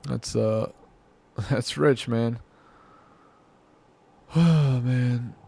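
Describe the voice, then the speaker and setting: A man's voice: mid-range voice, drawn-out words, creaky, warm tone. A man giving rambling, exasperated reaction commentary, muttering to himself and mocking what he watches. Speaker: commentary vlogger.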